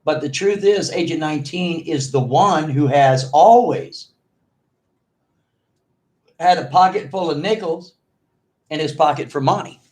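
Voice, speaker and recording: Middle-aged guy ranting on his vlog, mocking tone, kinda high voice. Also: measured pace, long pauses. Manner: animated, mocking, mimics others in exaggerated voices. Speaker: online video commentator.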